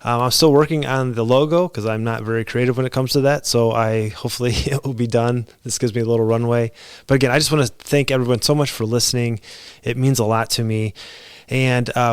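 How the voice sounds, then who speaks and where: A man hosts his own podcast in a solo monologue, thanking listeners earnestly. His voice sits at an ordinary male pitch and sounds smooth and resonant. The recording is dry and close, with no room sound. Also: steady tone, brisk, no echo. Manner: earnest and grateful, with frequent fillers and restarts. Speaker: podcast host.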